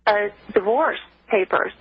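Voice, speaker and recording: A woman's voice: mid-range voice, a little slow, slightly rough, dry recording. A middle-aged woman telling her personal story as a radio interview guest, earnest and emotional, over the phone. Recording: tinny phone line.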